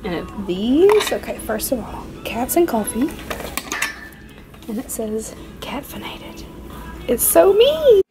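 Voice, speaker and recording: Chatty, excitable woman vlogger, raised pitch. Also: slow pace, over music, rough recording. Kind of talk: casual vlog chat.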